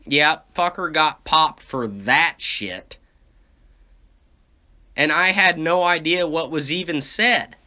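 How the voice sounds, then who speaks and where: A man's voice: fairly high pitch, takes it slowly, long pauses, bright, forceful tone. A man telling a rambling, profane comic story and complaining as he goes. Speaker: comedy podcast host. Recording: dull lo-fi recording.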